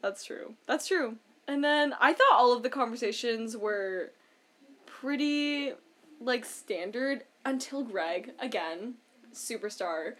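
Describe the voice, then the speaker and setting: Chatty woman with a slightly high voice. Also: expressive, takes it slowly, a bit bright. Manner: chatty, lots of "like", laughs often. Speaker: podcast co-host. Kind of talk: casual chat recapping a reality show.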